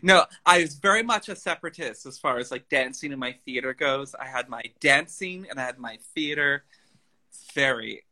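A young man guesting on a casual chat, talking about theater in an enthusiastic, expressive way. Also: mid-range voice, normal speed. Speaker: guest actor.

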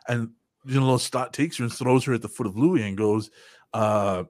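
A man hosting a casual podcast, telling stories in an animated, profane way and acting out quotes. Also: medium pitch, normal speed, no echo, clean studio sound. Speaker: podcast host.

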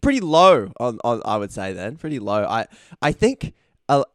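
A man's voice: medium pitch, big pitch swings, normal speed, a bit bright, no room sound, studio quality. A man hosting a casual podcast interview, chatty and teasing his guest. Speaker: podcast host.

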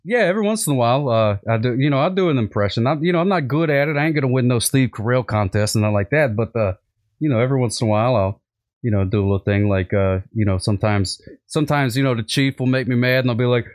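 A man's voice: medium pitch, expressive, fast talker, no echo, clean studio sound. A man chatting in a rambling comedic style, full of fillers. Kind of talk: comedic casual chat.

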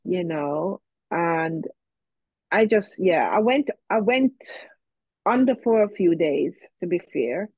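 Woman telling her story, slightly husky. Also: on the low side, lively intonation, takes it slowly, a little mellow, no room sound, muffled recording. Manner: reflective, many fillers, quotes herself and others. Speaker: interview guest. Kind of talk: personal story in an interview.

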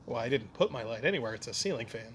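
A man's voice: mid-range voice, animated, racing, fairly bright tone, a little hiss or hum. A man co-hosting a podcast in casual chat, hesitant and repeating words as he goes. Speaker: podcast co-host.

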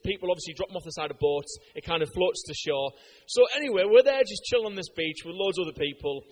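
This British preacher talks fast in a high-pitched voice, telling stories through a chatty, animated sermon. He's English and uses fillers often.

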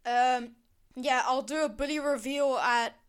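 High-voiced rambling teen girl podcaster. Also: steady tone, unhurried, clean tone. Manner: rambling, sarcastic, swears and backtracks often. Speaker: podcast host. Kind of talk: casual solo podcast rant.

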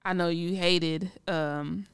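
A woman's voice: on the low side, fairly even intonation, slow, smooth, no room sound, studio quality. A young woman, chatting casually in a laid-back, teasing, profane way. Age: young adult. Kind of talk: casual chat.

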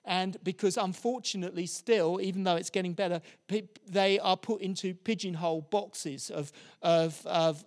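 A man's voice: high-pitched, normal speed, few pauses. A middle-aged man preaching a sermon, telling stories with frequent restarts and repeated words.

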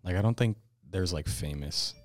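A young man with a very deep, low voice, chatting laid-back on a podcast. The sound is close and dry, with no room echo. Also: normal speed, faint music behind. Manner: laid-back, slangy banter. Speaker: podcast co-host. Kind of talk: casual chat.

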